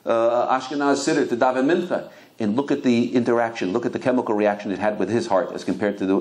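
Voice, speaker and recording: A man's voice: medium pitch, darkish tone. A male rabbi giving a Torah lecture, telling anecdotes and often restarting his words. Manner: storytelling with many anecdotes; frequent repeated restarts.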